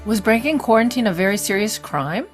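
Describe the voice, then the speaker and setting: A woman's voice: mid-range voice, animated, fairly quick, soft background music, lightly acted. A woman in a scripted audio drama asking a curious stream of questions. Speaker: questioning companion.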